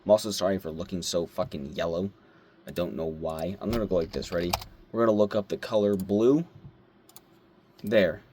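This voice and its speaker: A young man vlogging at his desk, telling a story in a rambling, animated way, swearing now and then and squealing when he acts out his excitement. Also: low voice, moderate pace, pauses often, slight background noise. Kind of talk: casual talk to camera.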